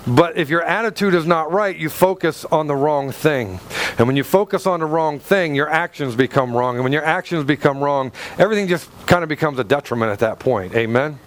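A male pastor preaching a sermon in a lively, conversational way, calling out to the congregation. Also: on the high side.

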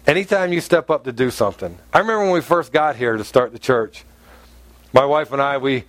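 A man preaching a sermon as pastor, animated and storytelling, laughing often. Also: mid-range voice, fairly quick, dry recording.

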